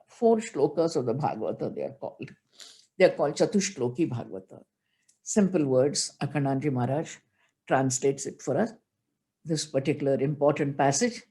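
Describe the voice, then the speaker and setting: A woman's voice: low voice, darkish tone. Older woman spiritual teacher, emotional storytelling sermon, chants scripture. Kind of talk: religious discourse.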